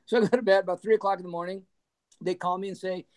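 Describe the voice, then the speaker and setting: A man's voice: high-pitched, very fast. A middle-aged man, a former band manager, telling road stories in a casual interview, laughing often and acting out what people said. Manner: animated storyteller who laughs often and acts out quoted dialogue.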